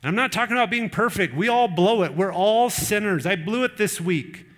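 Middle-aged male pastor, earnest conversational sermon delivery, slightly higher voice. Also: lively intonation, a little fast, a bit bright. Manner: earnest, conversational preaching with personal stories.

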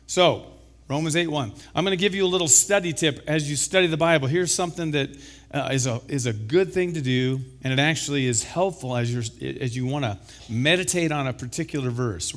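A man preaching a sermon as pastor, slightly hoarse from illness, building to emphatic exclamations. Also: mid-range voice. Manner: emphatic, rising to loud exclamations.

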